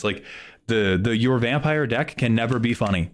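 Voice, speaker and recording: A man streaming live in casual chat, joking loosely with some swearing and excitable bursts. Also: mid-range voice, moderate pace.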